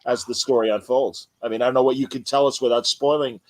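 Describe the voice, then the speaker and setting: A man hosts a casual interview at an average pitch. He asks eager, rambling questions and keeps restarting his sentences. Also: fairly even intonation, fast, low-quality recording. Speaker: podcast host.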